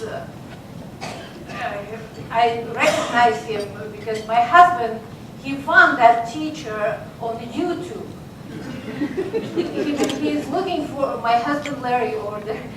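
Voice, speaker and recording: A woman, not a native English speaker, giving a humorous contest speech as a playful storyteller. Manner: playful storyteller with sudden high squeaks. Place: contest hall. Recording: echoey hall, far mic, noisy.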